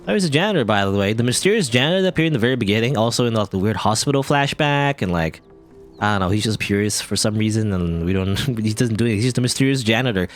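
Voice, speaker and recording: A man's voice: on the low side, lively intonation, fast talker, soft background music. A man from Canada casually commenting on a video game he plays, rambling and joking. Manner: chatty, rambling, jokey. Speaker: let's play host.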